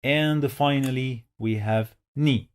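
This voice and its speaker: Slow, patient male reading teacher. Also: medium pitch, clear, resonant tone. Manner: patient, repeats each syllable several times. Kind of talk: slow step-by-step lesson.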